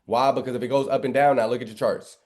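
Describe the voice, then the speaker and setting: A man's voice: mid-range voice, steady tone, fast, darkish tone. A man teaching a live trading lesson in an emphatic, preachy way, firing off rhetorical questions and biblical references. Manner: emphatic, keeps asking "right?" and rhetorical questions. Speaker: trading instructor. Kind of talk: live trading lesson over screen share.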